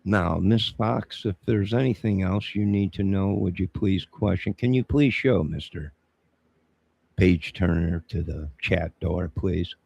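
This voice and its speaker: A man ranting on a live stream, preachy and confrontational, with a gravelly, husky voice. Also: sits low, a little slow, warm tone. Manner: indignant, preachy, confrontational, keeps saying 'sir'. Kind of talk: rambling live-stream monologue.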